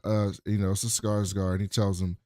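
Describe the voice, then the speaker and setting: A man's voice: lowish voice, little pitch movement, fairly quick, warm tone, no room sound, studio quality. A man co-hosting a podcast, casually and animatedly retelling a TV episode, often laughing. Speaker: podcast co-host. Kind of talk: casual TV recap chat.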